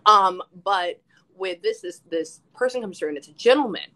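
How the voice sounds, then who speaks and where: A woman who works as a psychic medium, telling stories in casual live-stream chat, animated, swearing freely and acting out quotes. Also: medium pitch, moderate pace, poor audio.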